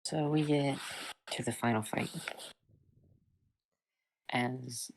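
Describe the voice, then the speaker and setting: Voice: mid-range voice, fairly even intonation, slow pace, vocal fry. A person casually retelling a fan-fiction story, rambling and loose with lots of fillers.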